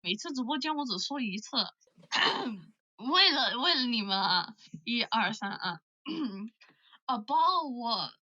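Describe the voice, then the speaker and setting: Bright young British woman livestream host. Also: on the high side, unhurried, highs cut off. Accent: British English. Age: young adult. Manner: lively, plays with voices when giving accent examples. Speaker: livestream host chatting with callers. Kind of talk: casual chat, switching between English and Mandarin.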